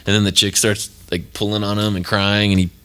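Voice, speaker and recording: Low-voiced guy telling a wild tattoo shop story, swears a lot, really deep. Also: flat delivery, a little fast, a bit bright, smooth. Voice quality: low voice, swears freely, acts out quoted people. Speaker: podcast host, former tattoo artist. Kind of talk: casual storytelling chat.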